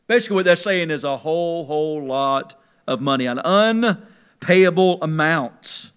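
A man preaching a sermon, swinging from quiet musing to loud, emphatic preaching and drawing key words out slowly. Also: fairly high pitch, animated, clean tone.

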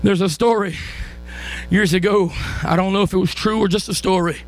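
A man preaching a sermon, building from calm storytelling to impassioned shouting. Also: high-pitched, normal speed, faint music behind. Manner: impassioned, rises to shouting and crying out.

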